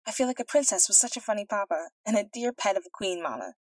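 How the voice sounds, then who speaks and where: A woman's voice: medium pitch, big pitch swings, fast, no room sound, rough recording. Woman doing a giddy, silly young princess. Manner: bubbly and teasing.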